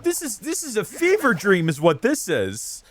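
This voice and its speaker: A man narrating his video game play with lots of joking exasperation and rambling asides. His voice sits fairly high and bounces around a lot in pitch, with faint game music underneath. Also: wildly swooping pitch, normal speed, fairly bright tone. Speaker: let's play host. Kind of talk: game commentary.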